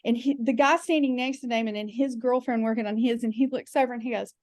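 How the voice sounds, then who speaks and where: A fairly high-voiced woman tells frank, chatty comic stories as a podcast guest, slipping into quick acted voices for the people in them. The sound is dry and close, with no room around her. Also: fairly even intonation, dry recording. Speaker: guest comedian. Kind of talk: candid comic storytelling.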